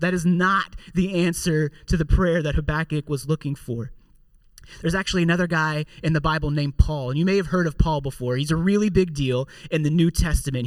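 A pastor delivers a sermon in an easygoing, conversational tone and slips in wry jokes. His voice sits somewhat high for a man. It sounds dry and a bit distant from the mic. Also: dry recording. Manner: conversational preaching with joking asides.

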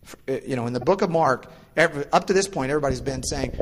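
A male pastor giving a casual, explanatory sermon. He acts out the voices of the people in his stories. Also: rapid-fire. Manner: casual and explanatory, acts out quoted voices with lively pitch jumps. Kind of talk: conversational sermon. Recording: long reverb of a large hall.

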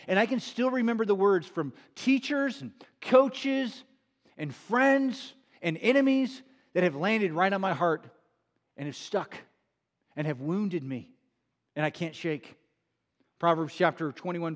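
A middle-aged man preaching a sermon, earnest and emphatic, repeating key phrases and drawing them out slowly. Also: high voice. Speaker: pastor.

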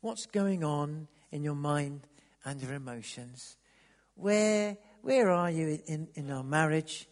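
A man preaching a sermon, dropping to near-whispers, then rising to loud emphatic bursts, often repeating words as he restarts. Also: a little high, slow. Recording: long reverb of a large hall.

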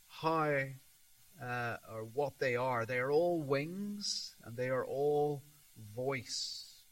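A man preaching a sermon, slow and emphatic, swelling on repeated words and dropping soft at the ends of his points. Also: medium pitch, rough recording.

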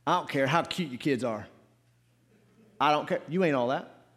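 A man preaching a sermon in a church, swinging between loud shouts and quiet low asides. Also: moderate pace. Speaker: pastor. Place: church sanctuary.

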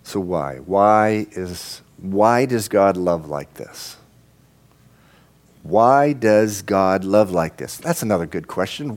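A pastor's low, animated voice carries his sermon at a slow pace. He speaks directly to the congregation, repeating himself as his fervor and emphasis climb.

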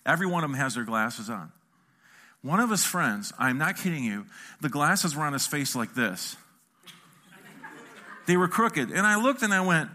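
A man's voice: a little high, fairly quick. A middle-aged man preaching a sermon as a pastor, telling a funny story and acting out the quotes of the people in it. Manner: animated, acts out quotes with a shifting voice.

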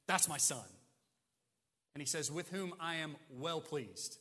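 A male pastor preaching with a bright, forceful voice set a little high. He leans on rhetorical questions and swings from ringing emphasis to hushed asides. A long reverb trails each phrase in a big church hall. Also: very animated, measured pace. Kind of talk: sermon.

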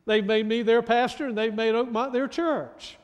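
A man's voice: extremely high pitch, steady tone, normal speed, in a large hall. A man preaching a sermon as pastor, emphatic, often restarting and repeating words.

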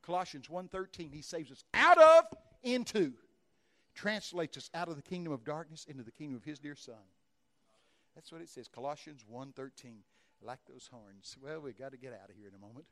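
A male Baptist preacher, telling folksy stories in a sermon and breaking into sudden loud bursts. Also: mid-range voice, fairly quick. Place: church.

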